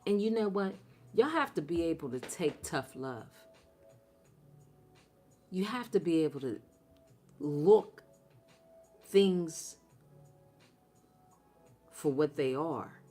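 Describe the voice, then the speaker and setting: A woman with a low voice delivers a tarot reading at a slow, unhurried pace, swinging her pitch widely for emphasis. She is blunt and profane and talks straight to her viewers, with faint music playing underneath. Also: sing-song, a little mellow. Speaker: tarot reader.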